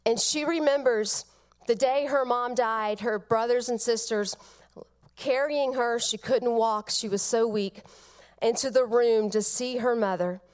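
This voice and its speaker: Lady doing a eulogy, higher voice, takes her time, gentle storytelling. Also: smooth. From Georgia, United States. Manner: slow, tender storytelling with soft pauses. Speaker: eulogist at a grandmother's funeral. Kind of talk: funeral eulogy.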